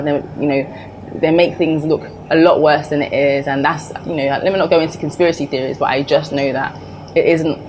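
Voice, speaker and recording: A woman's voice: low voice, slight background noise, rough recording. A young woman vlogger talking casually and personally to camera, with lots of fillers and restarts. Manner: chatty, full of fillers and restarts; open and personal.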